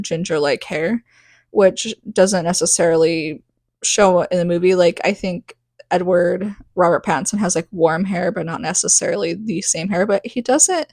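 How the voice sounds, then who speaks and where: A woman's voice: lowish voice, no echo. A woman in her thirties hosting a podcast, rambling through a casual book recap with lots of "like". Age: 30s. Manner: rambling, full of "like", acts out quick asides. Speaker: podcast host recapping a novel.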